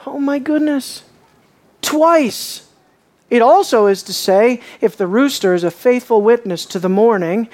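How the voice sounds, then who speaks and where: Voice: medium pitch, darkish tone. A preacher giving a conversational sermon, asking rhetorical questions of the congregation and dwelling on details.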